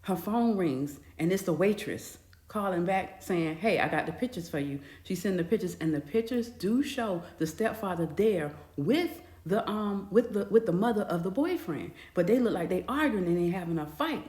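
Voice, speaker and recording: A woman casually narrating a dramatic story in a chatty, animated way. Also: mid-range voice, normal speed, hardly any pauses. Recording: echoey room.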